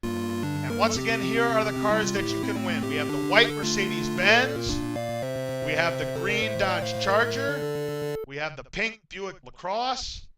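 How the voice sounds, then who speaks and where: A man hosting a game show in an upbeat, announcer-like way, getting loudly excited when a contestant wins. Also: high-pitched, a little slow, recorded from a distance, loud music behind the voice, poor audio.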